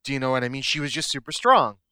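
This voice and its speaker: Bright, crisp-voiced enthusiastic man. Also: medium pitch, expressive, fast talker, dry recording. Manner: enthusiastic, rambling with many fillers. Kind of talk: casual film discussion.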